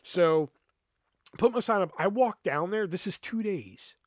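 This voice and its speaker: A man's voice: high voice, measured pace, no room sound, clean studio sound. A man hosting a podcast, telling a personal work story in a heated, profane way, full of fillers. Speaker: podcast host.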